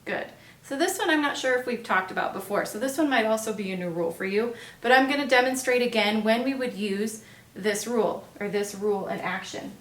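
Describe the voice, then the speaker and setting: A woman teaching a phonics lesson at a board, patient and encouraging, pausing for the learner's answers. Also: on the high side. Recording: roomy echo, distant mic, faint hiss.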